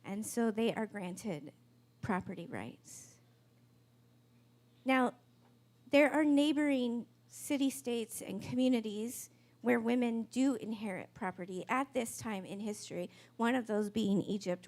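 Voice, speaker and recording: High-voiced woman preaching conversationally. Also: unhurried, darkish tone. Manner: conversational, wry storytelling preacher. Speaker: pastor. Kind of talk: sermon.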